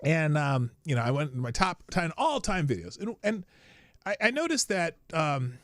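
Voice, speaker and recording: A man hosting his own livestream show, talking casually in a rambling way with many restarts and sudden shouted bursts. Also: a little high, very animated, normal speed, no room sound, clean studio sound. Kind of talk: casual solo livestream talk. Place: small home studio.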